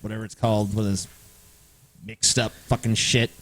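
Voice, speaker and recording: A man's voice: fairly low pitch, flat delivery, normal speed. A man co-hosting a podcast, bantering casually, swearing and groping for words. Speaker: podcast co-host.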